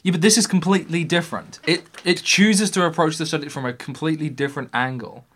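A man's voice: on the high side, fairly even intonation, fast talker, fairly bright tone. A young man co-hosting a casual film discussion, earnest and enthusiastic as he explains what he enjoyed. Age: young adult. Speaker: podcast co-host.

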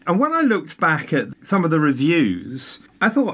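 A man chatting at length about a favourite film, talkative and jokey, with animated emphasis. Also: on the high side, a little slow, few pauses. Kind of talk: casual film chat.

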